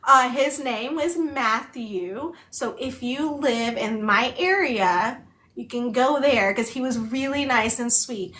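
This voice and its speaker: A woman's voice: on the high side, expressive, slow pace, a bit bright. A woman co-hosting a book club, chatting casually in a rambling way full of filler words while she also signs. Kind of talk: casual chat.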